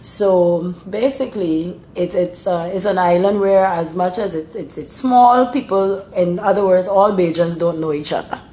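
Lower-pitched Barbadian woman explaining. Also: moderate pace, dark tone. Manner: thoughtful, explanatory, with frequent restarts. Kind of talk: explanatory casual talk. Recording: roomy room, faint rumble.

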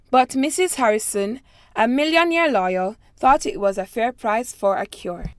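A woman with a Jamaican accent speaks in a fairly high voice. She reads a passage aloud and talks about her accent at a steady, careful pace. The sound is dry and close. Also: normal speed, dry recording. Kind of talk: reading a set passage, then explaining her accent.

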